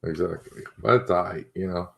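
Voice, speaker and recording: Very deep-voiced young man, rambling. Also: a little fast, creaky. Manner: relaxed, rambling, reads out chat comments. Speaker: live stream co-host. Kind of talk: casual chat.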